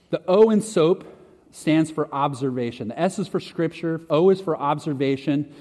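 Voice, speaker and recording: Here a male pastor delivers a relaxed, chatty sermon full of self-deprecating jokes and restarts. His voice sits a little high and sounds mellow and expressive, moving at a moderate pace, with long reverb from the hall around him.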